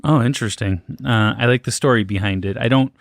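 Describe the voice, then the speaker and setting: A man's voice: mid-range voice, fast, creaky, dry recording, clean studio sound. A man co-hosting a casual podcast, skeptical and hedging as he thinks aloud with plenty of fillers. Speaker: podcast co-host.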